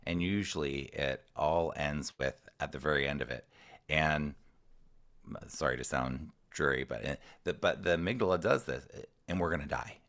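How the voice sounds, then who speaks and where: A man's voice: very deep voice, moderate pace, vocal fry, a bit bright. A man, a guest coach, talking casually and thoughtfully about handling kids' emotional triggers, often restarting his sentences. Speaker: ADHD coach, podcast guest. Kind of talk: casual advice talk.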